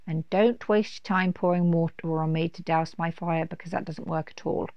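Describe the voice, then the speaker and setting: A woman voicing a big, lazy, sly male dragon in a storybook, with a low, gravelly voice and a grumbling drawl. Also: fairly even intonation, moderate pace, no echo, muffled recording, close to an everyday voice. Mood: grumpy.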